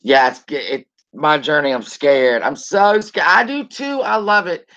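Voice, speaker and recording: A middle-aged woman hosting a casual live stream, chatting warmly and greeting viewers by name. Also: deep voice, measured pace. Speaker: livestream host. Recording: dull lo-fi stream audio.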